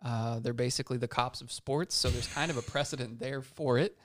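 A man's voice: mid-range voice, brisk, slight background noise. A man co-hosting a casual sports podcast, speaking thoughtfully and with some hesitation. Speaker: podcast co-host.

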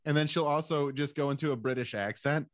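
A man hosting a podcast in relaxed, joking chat. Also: on the high side, a little fast, no room sound. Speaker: podcast host.

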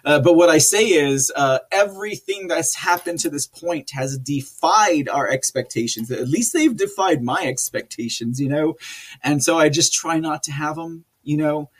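A chatty man with a slightly high voice, reading out live chat on his stream. He rambles, restarts his sentences and laughs often as he goes. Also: moderate pace, slightly rough.

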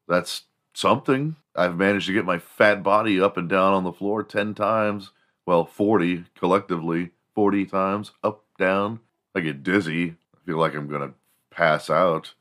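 A man's voice: deep voice, fairly bright tone. A man from Houston hosting a podcast, talking in a crude, joking, rambling solo monologue. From Houston, Texas. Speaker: podcast host.

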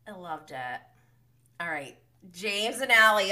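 A woman's voice: mid-range voice, animated, slow, long pauses, bright, forceful tone. A woman hosting a casual reality TV recap livestream, gossiping, swearing, laughing often and acting out what the cast said. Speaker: recap host.

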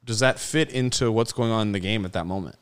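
A man's voice: fairly low pitch, quick pace, clear, resonant tone. A man co-hosting a podcast, joking around casually and swearing now and then. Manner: joking, laid-back, swearing. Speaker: podcast co-host. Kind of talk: casual chat.

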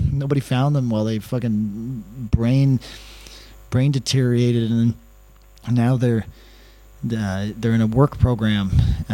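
A man's voice: mid-range voice, warm tone, no echo. Podcast guy telling a story, swears a lot, rambly and self-mocking, dry close mic. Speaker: podcast host. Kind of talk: profane comedic storytelling.

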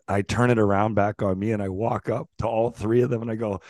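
A middle-aged man, a former pro hockey player, co-hosting a casual chat and telling animated stories, swearing freely and acting out the quotes. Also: fairly low pitch, fast, hardly any pauses, dry recording.

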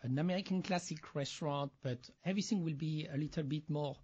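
A man with a French accent talks earnestly as a chef guest in a casual interview, his phrasing halting and non-native. His voice sits a little high and has a husky edge. The audio is muffled and lo-fi. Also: a little mellow.

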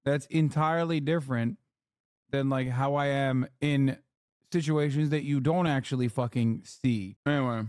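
A man's voice: medium pitch, steady tone, moderate pace, darkish tone, no room sound, clean studio sound. Sarcastic, swearing male streamer. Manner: sarcastic, profane, mocking. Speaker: streamer reacting to clips. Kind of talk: casual chat.

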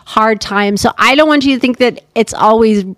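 A woman's voice: fairly high pitch, a bit bright, no echo. A middle-aged woman co-hosting a podcast, speaking candidly and sympathetically in casual chat. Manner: candid, sympathetic, quick asides. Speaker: podcast co-host.

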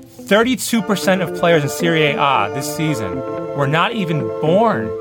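Comedy podcast co-host: man, jokey, animated delivery. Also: a little high, normal speed, music in the background. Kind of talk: casual comedy podcast chat.

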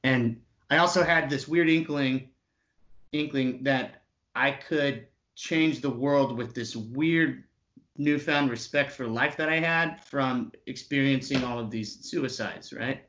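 A man in his twenties telling an animated story, swearing freely and acting out the other people's lines. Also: mid-range voice, slow pace, highs cut off.

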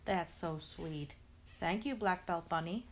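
A woman's voice: lowish voice, takes it slowly, slight background noise. A woman reading a picture book aloud, talking playfully to the character and adding sound effects. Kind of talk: expressive read-aloud to a character.

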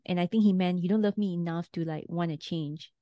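A woman's voice: on the low side, steady tone, a little fast, no room sound, muffled recording. A woman in casual conversation, thinking aloud and hedging her opinions about a reality show. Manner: thoughtful, hedging, laughs often.

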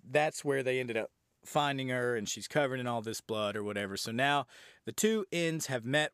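A man rambles through a movie recap in loose conversational speech and swears freely. His voice sits at a middle pitch, recorded close in a dry space. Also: a bit bright, clean tone, dry recording. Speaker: podcast movie reviewer. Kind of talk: casual spoken film recap and review.

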